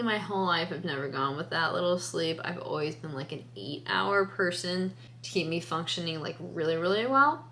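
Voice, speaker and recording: A woman's voice: lowish voice, a bit bright, a little hiss or hum. Tired young woman, chatty vlog ramble. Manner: chatty, rambling, frequent "like" fillers. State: tired and sleepy. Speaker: crochet vlogger. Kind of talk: casual vlog talk to camera.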